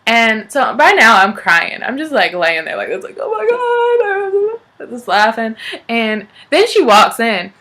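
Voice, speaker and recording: A woman's voice: fairly high pitch, lively intonation, normal speed, bright, forceful tone. A young woman, chatting casually as she tells a family story, laughing and acting out what relatives said. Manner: chatty, laughing, acts out family members' lines. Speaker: vlogger.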